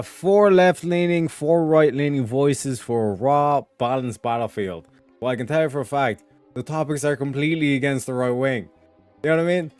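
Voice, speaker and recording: A man's voice: on the high side, darkish tone, clear, resonant tone, no echo. Rambling, profane male streamer. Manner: rambling, profane, lots of filler phrases. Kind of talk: casual livestream chat.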